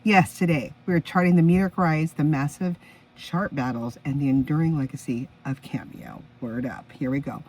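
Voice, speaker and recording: A woman's voice: deep voice, moderate pace, a little mellow, distant mic, low-quality recording. A woman in her fifties hosting her own music podcast in a chatty, enthusiastic way, stopping now and then to react to her notes. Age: 50s. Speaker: podcast host. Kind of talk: casual solo podcast chat.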